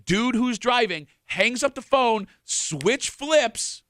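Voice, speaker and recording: A man hosts a call-in radio show with teasing, laughing banter. His voice is bright and lively, slightly high, and the studio sound is dry and close. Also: takes it slowly, dry recording.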